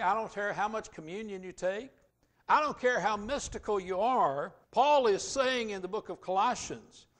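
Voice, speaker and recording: A male pastor delivering a sermon with a fairly high voice. He drives his points hard, falling to soft, quick asides and then climbing back to loud, drawn-out emphasis. It sounds like a church service. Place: church sanctuary.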